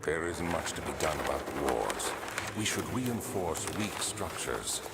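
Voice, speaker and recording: An actor playing a grave, commanding old nobleman who gives measured orders in a very deep, gravelly voice. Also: very animated, heavily acted. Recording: game audio under loud noise.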